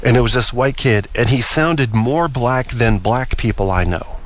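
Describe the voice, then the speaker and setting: A man's voice: medium pitch, moderate pace. Opinionated man rambling through a monologue. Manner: opinionated, rambling, stammering restarts. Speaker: podcast host. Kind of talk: solo talk-show monologue.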